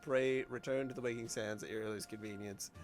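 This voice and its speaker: A man voicing a composed young woman leader, gentle, polite and measured, with game music behind. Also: medium pitch, fairly even intonation, natural voice.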